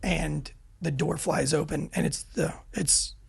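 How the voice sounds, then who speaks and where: A man telling profane, self-deprecating stories as a podcast guest, rapid and animated, with frequent restarts. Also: a little high, gravelly, breathy edge. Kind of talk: animated storytelling, casual and profane.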